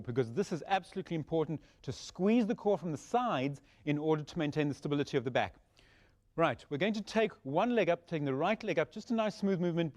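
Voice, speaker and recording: Male Pilates instructor with a fairly high voice, calm breath-by-breath cueing, encouraging. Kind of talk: guided exercise instruction.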